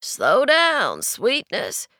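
A woman's voice: a little high, sing-song, slow, pushed and bright, dry recording, studio quality, voice pushed up, full character voice. A woman narrator voicing an easygoing old homeless man who teases a passerby in an audiobook. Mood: friendly.

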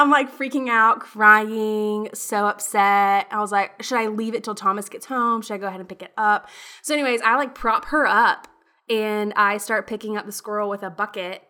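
A young woman hosting a casual podcast chat, telling stories in a lively, animated way. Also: medium pitch, moderate pace. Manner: lively storyteller, animated retellings. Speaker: podcast host.

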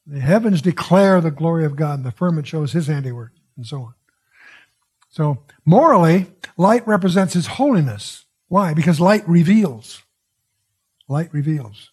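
A man's voice: on the high side, lively intonation, normal speed, a little mellow, husky. A man giving expository Bible teaching in a digressive, musing way, often breaking off with "wow" and restarting his sentences.

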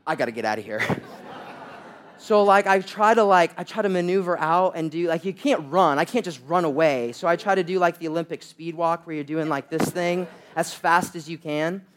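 A man's voice: a little high, fairly even intonation, a little fast, hardly any pauses, fairly bright tone. A young man preaching a sermon, telling humorous, self-deprecating stories. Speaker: pastor.

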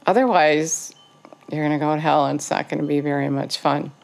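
A woman with a low voice preaches a sermon with earnest urgency. Her voice has a gravelly, creaky edge, and she drives her points home by repeating them. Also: fairly even intonation, brisk. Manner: earnest, exhorting, repetitive phrasing.

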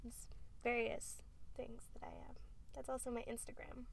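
A woman's voice: a little high, flat delivery, normal speed, creaky, in a whisper. A woman co-hosting a podcast, chatting and teasing with frequent laughter inside a parked car. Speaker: podcast co-host. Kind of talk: casual chat.

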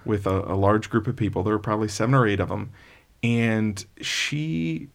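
A middle-aged man with a low, gravelly voice co-hosts a casual movie podcast. He talks with enthusiasm and keeps things loose and chatty. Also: normal speed. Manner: enthusiastic, mimics others with high-pitched impressions. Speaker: podcast co-host. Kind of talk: casual movie review chat.

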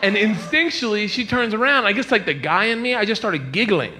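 A man doing a stand-up comedy set, telling stories animatedly and jumping into high squealing character voices. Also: lively intonation, a little fast, noisy background. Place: comedy club stage.

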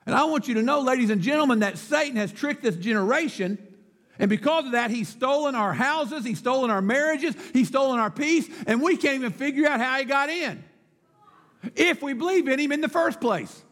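A man's voice: very high voice, animated, fairly quick, fairly bright tone. A male pastor preaching a sermon, emphatic and declamatory, firing rhetorical questions, with long church reverb.

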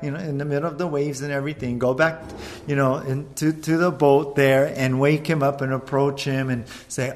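A man preaching a sermon, telling the story with energy and acting out the disciples' frantic shouts. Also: fairly high pitch, fairly even intonation, moderate pace. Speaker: pastor.

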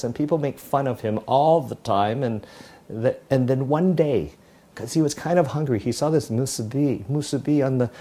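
A man's voice: medium pitch, warm tone. A man preaching an Easter sermon, telling a parable in a conversational, storytelling way. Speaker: pastor.

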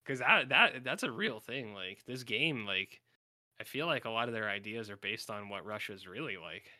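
A man's voice: lowish voice, lively intonation, moderate pace, sharp tone, no room sound. A man from Canada co-hosting a podcast in casual, rambling chat, full of "like" and filler. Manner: rambling, filler-heavy, acts out silly voices. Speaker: podcast co-host.

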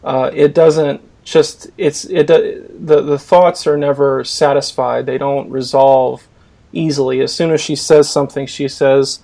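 A man's voice: medium pitch, fairly even intonation, measured pace, gravelly, warm tone. A man hosting a poetry podcast over a call, talking in a hesitant way with many fillers. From Boston area. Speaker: podcast host. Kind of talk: casual discussion, video call.

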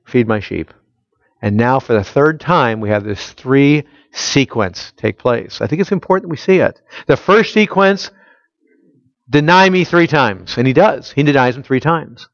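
A man's voice: medium pitch, lively intonation, normal speed, no room sound, highs cut off. A man preaching a conversational sermon, emphatic and full of rhetorical questions to his listeners. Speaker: pastor. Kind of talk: expository sermon.

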